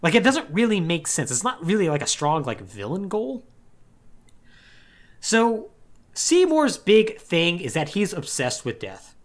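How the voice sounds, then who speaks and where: A man's voice: high voice, huge pitch swings, a little slow. A young man co-hosting a podcast, recapping a game story in a loose, wry way full of "like". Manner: loose and wry, peppered with "like", mimics characters. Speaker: podcast co-host.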